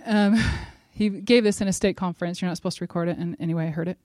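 At a church gathering, a middle-aged woman gives a devotional talk, earnest and emphatic, building to forceful exhortation. Her voice is lowish with fairly even intonation, her pace quick, and there's no echo.

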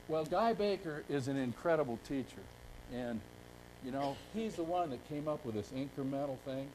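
Folksy high-voiced older man telling stories. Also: darkish tone, slight background noise, low-quality recording. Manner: folksy, rambling storyteller. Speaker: speaker at a conference. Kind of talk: storytelling talk to a live audience.

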